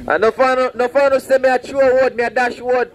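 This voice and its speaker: A man's voice: very high-pitched, level tone, normal speed, rough recording. A man preaching outdoors on a roadside, fervent and repetitive, warning and pleading with passersby. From Saint Vincent. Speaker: street preacher. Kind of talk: open-air preaching.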